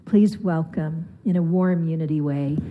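A woman pastor gently introducing a guest speaker to her church. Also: low voice, unhurried, phone-quality sound.

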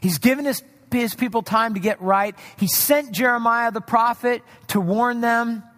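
A man preaching a sermon in a conversational way, acting out quoted voices with shifts in pitch. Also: normal speed, fairly bright tone, in a large hall. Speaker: pastor.

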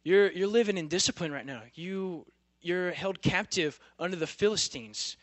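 A man's voice: high-pitched, animated, normal speed, fairly bright tone, no room sound. A young man preaching a sermon to a campus group in a casual, emphatic way, full of rhetorical questions.

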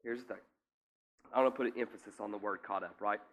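Bright-voiced male preacher teaching. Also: on the low side, steady tone, fast talker, a little hiss or hum. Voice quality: occasional coughs and throat clearing. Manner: conversational, keeps checking in with listeners. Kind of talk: sermon teaching with scripture reading.

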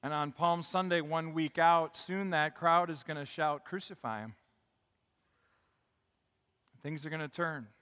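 A male pastor preaching a sermon, building to loud, emphatic calls and leading his congregation in call and response. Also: on the high side, flat delivery, normal speed, hardly any pauses, clean tone, in a large hall. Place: church sanctuary.

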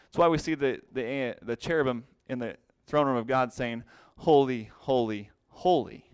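A man's voice: medium pitch, moderate pace, clean tone, no room sound. Male Bible teacher at a whiteboard; explanatory, repeats key terms; close, dry sound. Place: classroom with a whiteboard.

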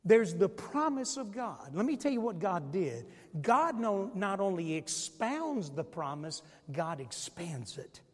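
A man's voice: high-pitched, very animated, measured pace, few pauses, in a large hall. A male pastor preaching a sermon, emphatic and asking the congregation questions. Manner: emphatic, call-and-response questions.

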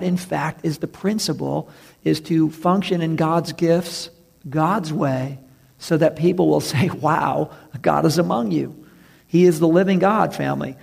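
Male preacher, raspy fry in the voice, leans hard on key words. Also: a little high, darkish tone. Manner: preaching with emphatic slow stresses and acted-out quotes. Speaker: pastor. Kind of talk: sermon.

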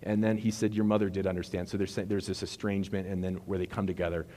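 A man preaching a sermon in a relaxed, conversational way, retelling movie scenes and correcting himself as he goes. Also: low-pitched, quick pace. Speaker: pastor. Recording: long reverb of a hall.

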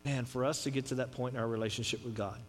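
A middle-aged man preaching a sermon in a conversational, joking way, with swings from loud to quiet. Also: mid-range voice, fairly even intonation, fast talker, slight background noise. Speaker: pastor.

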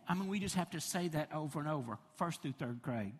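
A middle-aged pastor with a husky voice on the high side preaches briskly, with lively intonation and hardly any pauses. His sermon is chatty personal storytelling punctuated by his own laughter, recorded with long hall reverb.

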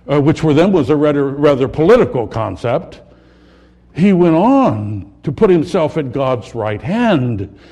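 A man preaching a sermon, dramatically swinging between loud, emphatic lines and hushed, low ones.

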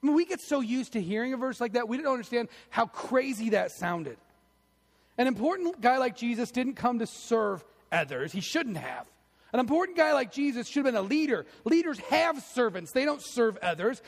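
A male pastor preaching a sermon in a church, telling animated stories and delivering lines with emphasis. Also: very high-pitched, normal speed, long reverb tail. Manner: animated storytelling, emphatic, acts out quotes.

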